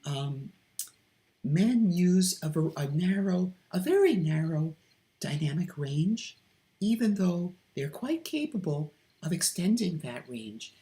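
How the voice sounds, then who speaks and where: A woman hosting a casual vlog, talking hesitantly with many ums and restarts, carefully keeping her voice soft and deliberate. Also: fairly low pitch, big pitch swings. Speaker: video host. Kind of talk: unscripted vlog commentary with read-aloud quotes.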